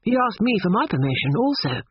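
A man's voice: high-pitched, very animated, fairly quick, highs cut off, slight background noise, voice pushed up. A man reading an audiobook, voicing a sulky, blunt young man who grumbles at his mother.

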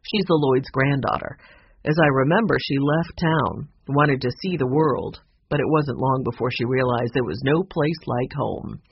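A narrator voicing a kindly, steady old grandfather in a storybook reading, speaking low, calm and measured. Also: creaky, highs cut off, slight background noise, natural voice. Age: older.

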